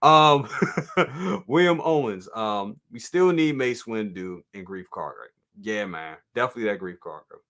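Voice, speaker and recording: This toy review show host has a lowish, expressive voice with a bit of brightness, and he speaks a little slowly. On his live stream he chats casually, reads out viewer comments, addresses viewers directly, laughs readily and often says things twice.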